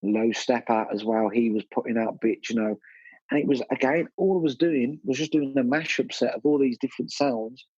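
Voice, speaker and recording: A man, a DJ guest telling his story in a blunt, animated, casual way, full of "you know" and "mate". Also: mid-range voice, moderate pace, husky, no echo, dull audio. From Birmingham, England.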